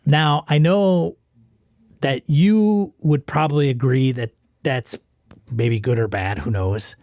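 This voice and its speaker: A man's voice: medium pitch, slow, darkish tone, no echo, clean studio sound. A man co-hosting a gaming podcast, talking thoughtfully and restarting his sentences. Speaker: podcast co-host. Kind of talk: casual podcast chat.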